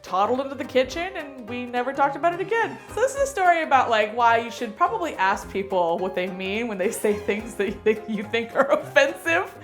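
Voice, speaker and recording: Lively, high-voiced young woman telling stories. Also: a little fast, few pauses, faint music behind. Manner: chatty, self-mocking, with playful swearing. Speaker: host. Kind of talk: casual comedic storytelling.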